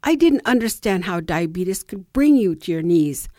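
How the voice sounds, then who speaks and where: Woman, middle-aged, personal story reading, reflective, animated pitch, dry recording. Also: normal speed, dry recording. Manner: reflective, acts out quoted people.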